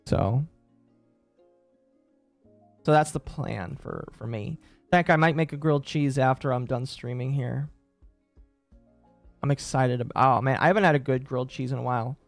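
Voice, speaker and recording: Answering his chat on stream, a late-twenties man rambles along, chuckling and correcting himself as he talks. He has a mid-range, creaky voice, speaks at normal speed with long pauses, and the dry recording has faint music underneath.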